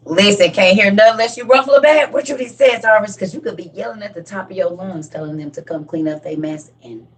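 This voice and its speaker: A middle-aged woman chatting casually as a parent, telling lively stories and acting out her kids. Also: medium pitch, fast talker, few pauses, a little hiss or hum. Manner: animated storytelling, acts out her kids. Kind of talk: casual group chat. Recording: voice from a distance.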